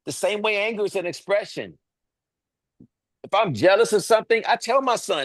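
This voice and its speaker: A man's voice: sits high, lively intonation, normal speed, dry recording. A man in his thirties, earnest and emphatic, talking as a podcast co-host. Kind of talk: casual podcast talk.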